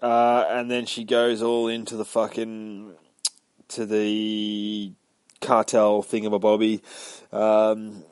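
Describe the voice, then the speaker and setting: A man with a fairly low voice talks through a comic book issue panel by panel. His recap is loose and rambling, packed with profanity. The sound is dry and close, with no room echo. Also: completely flat delivery, slow pace, a little mellow, smooth. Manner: profane, rambling, sweary play-by-play. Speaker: podcast co-host reviewing comics.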